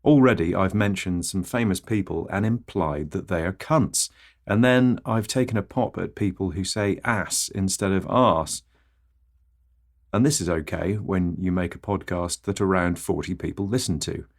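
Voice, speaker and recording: A man with a deep, low voice hosts his own absurdist comedy podcast. He reads a scripted monologue that tumbles from one pun into the next, in a tone of mock grandeur. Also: moderate pace. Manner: rambling wordplay and mock self-importance.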